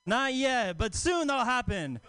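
A man's voice: extremely high pitch, sing-song, measured pace, sharp tone, clear, resonant tone, no echo, clean studio sound. A man from Oakland opening his stand-up set on a comedy club stage with loose, casual banter. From Oakland, California.

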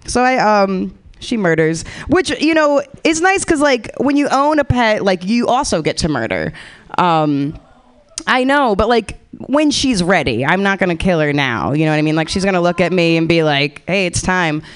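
A woman in her thirties doing a stand-up set, rambling with dark deadpan humor and acting out quotes. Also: mid-range voice, moderate pace, clear, resonant tone. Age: 30s. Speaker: stand-up comedian.

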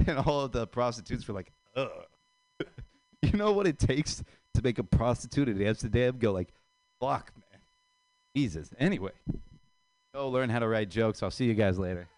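A man's voice: mid-range voice, expressive, a little fast, a little mellow, no room sound. A man doing a stand-up comedy set in a dry, self-mocking way. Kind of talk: stand-up set at open mic.

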